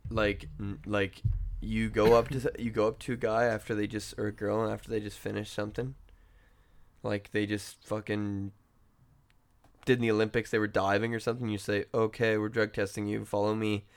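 Gravelly, swearing young man. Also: on the low side, normal speed. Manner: profane, animated storytelling. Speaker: podcast co-host. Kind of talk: casual chat.

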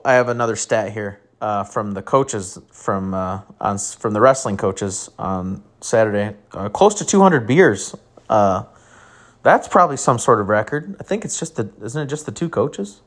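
A man's voice: lowish voice, expressive, measured pace. A man from mid-Michigan hosting a casual sports podcast, rambling and joking at his own expense. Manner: rambling, joking, self-mocking.

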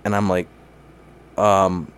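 A man's voice: deep voice, little pitch movement, takes it slowly, fairly bright tone, clear, resonant tone. A young man telling a wild story in casual chat, laughing often, swearing freely and calling everyone dude. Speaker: guest.

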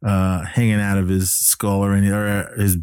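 Man, low voice, casual rambling recap, dry close sound. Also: little pitch movement, moderate pace, a little mellow, clear, resonant tone, dry recording. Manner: rambling, filler-heavy storytelling.

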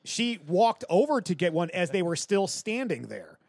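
High-voiced man chatting about a film. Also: normal speed, gravelly, husky, no room sound, studio quality. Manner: animated, tells reactions with emphatic repeats. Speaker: podcast co-host. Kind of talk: casual chat.

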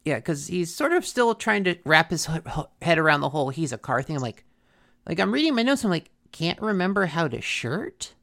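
Gravelly, animated man recapping a cartoon. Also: a little high, brisk. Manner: animated, acts out quotes from the episode. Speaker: podcast co-host recapping a cartoon. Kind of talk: casual recap chat.

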